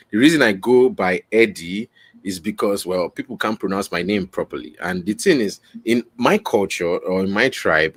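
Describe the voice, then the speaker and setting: A man hosting his own podcast, explaining in a rambling, self-correcting way and checking in with "right?" as he goes, recorded on a camera mic indoors. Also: low-pitched. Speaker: podcast host. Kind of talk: casual explainer, teaching on camera.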